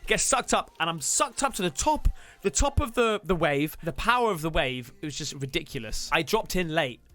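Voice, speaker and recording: Lively, bright-voiced man storyteller. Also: on the high side, a little fast, soft background music. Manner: excitable, swears a lot, addresses viewers directly. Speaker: streamer. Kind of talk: animated storytelling to a live stream.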